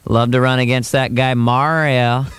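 Comic man's evasive older politician impression, clipped halting fragments, mid-range voice. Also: medium pitch, steady tone, fairly bright tone, clear, resonant tone, no room sound, lightly acted. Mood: smug.

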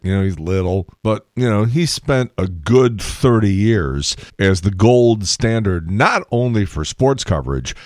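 A man's voice: on the low side, dry recording, clean studio sound. A tired man hosting a casual solo podcast, telling chatty, wry stories with asides and laughs. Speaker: podcast host.

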